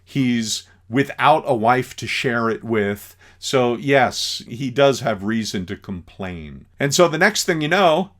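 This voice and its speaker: Man, teacher, classroom lecture, animated, very lively pitch, slow pace. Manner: animated, acts out scenes.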